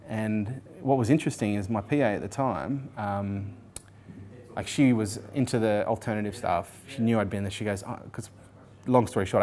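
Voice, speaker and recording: A man in his forties telling his life story in an interview, animated, swearing freely and acting out what people said. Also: on the low side. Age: 40s. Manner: animated, swears freely, acts out quoted speech.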